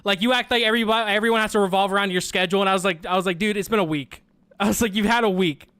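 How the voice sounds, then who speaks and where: A man's voice: high-pitched, very fast, smooth, no echo. A young man, a streamer, casually telling a story with lots of swearing and quoted back-and-forth dialogue. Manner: profane, animated retelling with quoted dialogue.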